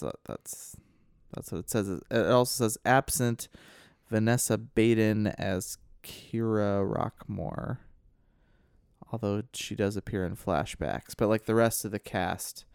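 Low, gravelly man in casual chat. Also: lively intonation, takes it slowly, a little mellow, dry recording, clean studio sound. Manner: easygoing, reads aloud, agrees a lot. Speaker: podcast co-host.

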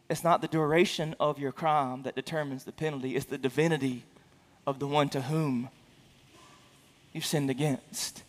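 A man preaching a sermon as a pastor, speaking earnestly with frequent restarts and stammered repeats, and getting louder for emphasis. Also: big-room sound. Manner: rises in pitch and volume for emphasis.

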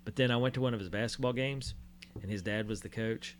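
Fast-talking blunt man in casual chat. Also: fairly low pitch, slight background noise. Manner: blunt, animated storytelling. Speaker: co-host and youth coach.

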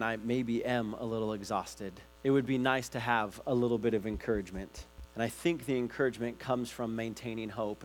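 A man, a pastor, giving a casual, conversational sermon and acting out his own stories with lively energy. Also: mid-range voice.

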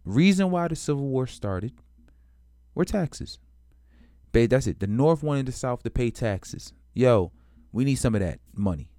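Speaking as a history commentator, a man explains the past in casual slang, swearing freely, stumbling over restarts, and voicing both sides of the story in quotes. His mid-range voice is warm, unhurried, and lively in intonation, recorded with studio quality and no echo.

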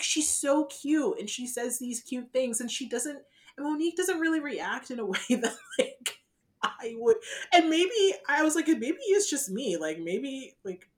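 A woman co-hosting a podcast in casual chat, gushing and laughing often. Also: on the high side. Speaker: podcast co-host.

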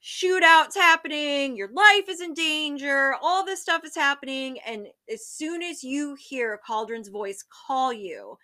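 A woman's voice: high-pitched, animated, unhurried, few pauses, pushed and bright. A woman in casual conversation, recapping a book's plot and acting out the characters' lines with casual swearing. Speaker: book discussion co-host. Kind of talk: casual book chat.

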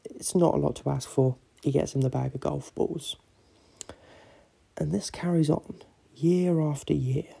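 Rambling man with a gravelly voice. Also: on the high side, steady tone, unhurried, mellow. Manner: rambling, filler-heavy storytelling. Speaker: podcast host. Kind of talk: casual joke telling.

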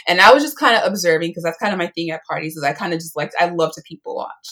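A woman's voice: lowish voice, racing, fairly bright tone. A woman in her twenties telling a personal story in casual chat, full of fillers and acted-out quotes. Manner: chatty, lots of "like", acts out quotes.

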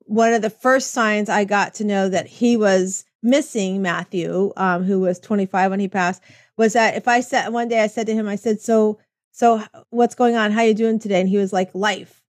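A woman's voice: mid-range voice, steady tone, moderate pace, no echo, studio quality. A middle-aged woman hosting a casual chat, rambling and acting out remembered conversations. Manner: chatty, rambling, acts out quoted exchanges. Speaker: host.

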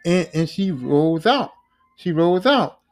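A man's voice: on the high side, animated, slow pace. Slangy, profane man recapping a show. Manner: profane slangy retelling, acting out characters' lines. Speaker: podcast host.

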